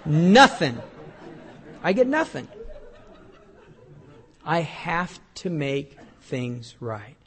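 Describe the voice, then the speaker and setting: Man, pastor, middle-aged, high voice, sermon, conversational, scripture reading. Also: sing-song, extremely slow, pauses often. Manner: conversational, joking, shifts between loud and quiet; reads scripture aloud.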